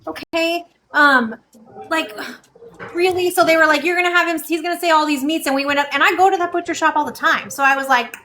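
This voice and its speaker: A woman's voice: high voice, fairly quick, pushed and bright, a little hiss or hum. A woman on a reality show, chatting casually on a livestream and laughing through stories about production. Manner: laughing storyteller, quotes producers. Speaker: reality show cast member.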